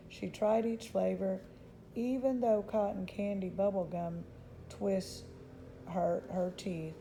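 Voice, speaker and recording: A woman reading a children's novel aloud in a gentle, unhurried storytelling voice. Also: mid-range voice, creaky, a little hiss or hum, rough recording. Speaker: storybook reader.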